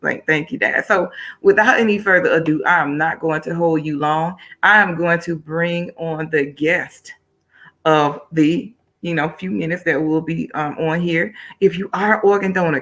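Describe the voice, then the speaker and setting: A woman from Miami, Florida, hosts a livestream talk show, chatting with viewers between questions in an upbeat, colloquial way. Her voice is deep, creaky, and a bit bright.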